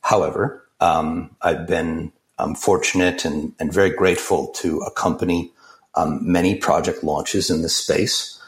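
A man being interviewed as a crypto project founder, talking in a measured way with many fillers and restarts. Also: low voice, fairly even intonation. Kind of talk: interview answers.

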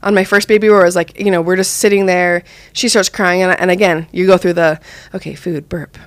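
Young mom chatting away, acts out lines all excited, super dry close mic. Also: female voice, fairly quick, dry recording. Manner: chatty, acts out her own lines with rising pitch. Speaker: mother sharing parenting advice. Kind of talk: casual podcast chat.

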